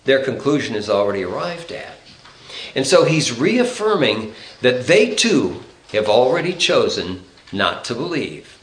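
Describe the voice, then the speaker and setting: A man preaching an expository Bible sermon, explaining the text in a measured way and reading scripture aloud. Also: mid-range voice, sing-song, roomy sound, rough recording.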